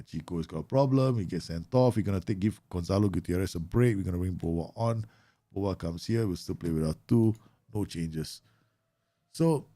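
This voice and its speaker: A man live-streaming a football management game, chatting casually with viewers and yelling at his players. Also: fairly low pitch, dry recording. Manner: animated, bursts into loud yells and laughs at his players; chatty, answers viewer questions with many fillers.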